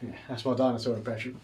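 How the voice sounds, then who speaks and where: A man's voice: medium pitch, heavy background noise. A man hosting a live show and answering viewer questions in casual chat, sarcastic and ranting, with plenty of swearing.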